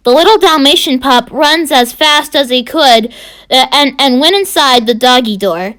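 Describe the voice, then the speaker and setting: A woman reading a fan story aloud as a storyteller, halting with many fillers and restarts. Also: high voice, a bit bright.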